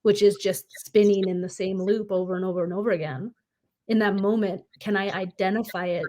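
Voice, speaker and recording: A woman's voice: medium pitch, fairly even intonation, fairly quick, mellow, a little hiss or hum. A woman in casual podcast chat, affirming and reflective as she speaks.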